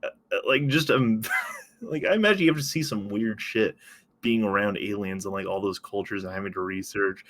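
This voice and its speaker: Bright-voiced man, casual podcast chat. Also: lowish voice, a little fast. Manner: laughs often, swears casually. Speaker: podcast co-host.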